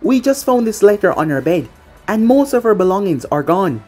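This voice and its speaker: A woman's voice: mid-range voice, big pitch swings, normal speed, warm tone, slightly rough, faint music behind. A woman voicing a nervous castle maid.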